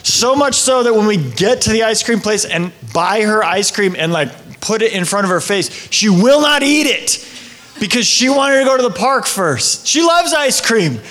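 Casual pastor, high voice, talks like he's chatting with friends. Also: lively intonation, normal speed, fairly bright tone. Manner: chatty, asks "right?" often. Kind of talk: conversational sermon.

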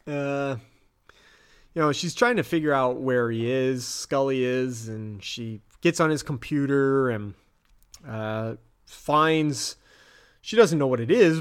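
A man, a podcast host casually retelling a TV episode, chatty with quick acted-out quotes. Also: mid-range voice.

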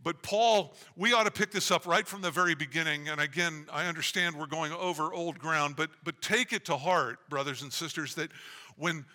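A man preaching a sermon as pastor, speaking in an earnest, measured way, often restarting his phrases. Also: on the high side, pushed and bright. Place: church sanctuary. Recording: long reverb of a church hall.

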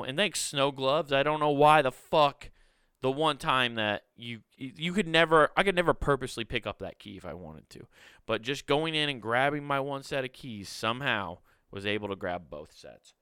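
A man's voice: mid-range voice, pushed and bright, clear, resonant tone, no room sound, studio quality. A young man hosting a podcast, telling a story in an exasperated, profane rant. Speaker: podcast host. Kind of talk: casual solo storytelling.

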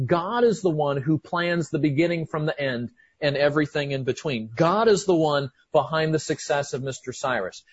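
A man preaching a sermon, excited and emphatic, often restarting his sentences. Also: fairly high pitch, normal speed, few pauses, husky, lo-fi sound.

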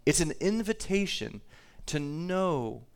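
Conversational preacher with a smooth voice. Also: male voice, a little high, very animated, slow pace. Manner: conversational preaching, reads scripture aloud, repeats words. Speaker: pastor. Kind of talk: sermon.

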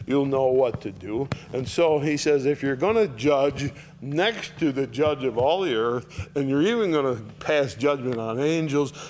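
A man of middle pitch teaches a Bible chapter verse by verse, reading a line and then paraphrasing it. He swings from sharp, raised rebukes to quiet, low asides. A faint hum sits under his voice. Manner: animated, rising sharply to voice Paul's rebukes, dropping low for asides.

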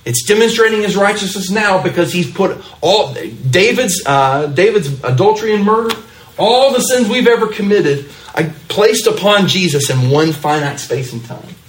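Male preacher, echoey room, faint background hum, deliberate teaching sermon. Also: high-pitched, expressive, far from the mic. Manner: keeps checking in with "right?"; stretches key words slowly for emphasis. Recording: roomy echo, speaker away from mic.

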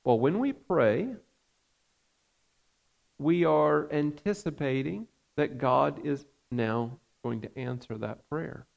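Gravelly-voiced man preaching a sermon. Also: on the high side, expressive, a little mellow, muffled recording. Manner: earnest, measured preaching with frequent fillers. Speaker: pastor.

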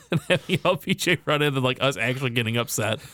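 A man's voice: medium pitch, expressive, brisk, bright, forceful tone, no room sound. Matter-of-fact male podcast co-host. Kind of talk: casual podcast chat.

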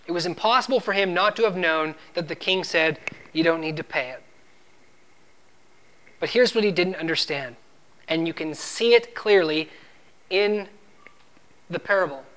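Man, high voice, sermon, emphatic, quotes scripture, acts out parable lines. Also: fairly bright tone. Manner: emphatic, rises in pitch and volume when driving a point. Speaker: preacher.

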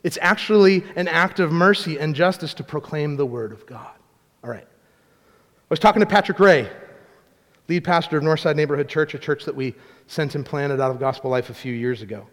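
A man preaches in a loose, conversational way, restarting his sentences and telling small family stories. His voice sits high for a man. The sound carries the long reverb of a church hall. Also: normal speed. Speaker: pastor. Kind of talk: sermon.

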